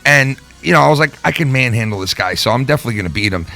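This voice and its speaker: Foul-mouthed, animated male storyteller. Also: mid-range voice, racing, vocal fry, soft background music. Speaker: podcast host. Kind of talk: casual podcast chat.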